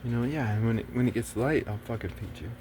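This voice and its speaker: A man's voice: medium pitch, fast talker, noisy background. A man talking in a rambling casual monologue, swearing often and turning agitated and preachy.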